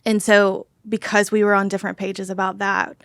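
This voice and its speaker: A woman's voice: medium pitch, flat delivery, normal speed, a bit bright, no room sound. Candid woman recounting, dry close sound. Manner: candid, reflective storytelling. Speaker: guest. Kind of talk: casual podcast chat.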